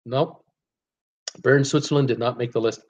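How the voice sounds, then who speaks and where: A man's voice: mid-range voice, fairly even intonation, moderate pace, a little mellow. A man hosting a casual live-stream trivia quiz, reading out viewers' guesses with lots of ums and uhs and chuckling at his own jokes.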